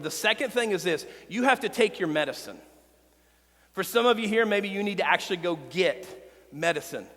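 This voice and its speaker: A man preaching a sermon as pastor, earnest and personal, with quiet confessional stretches. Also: high voice, in a large hall. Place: church sanctuary.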